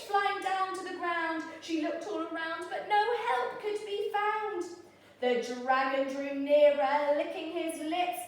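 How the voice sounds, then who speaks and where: A woman teacher reading a picture book aloud in a lively, expressive, sing-song way. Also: very high voice, slow, recorded from a distance. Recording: very echoey room, voice off-mic.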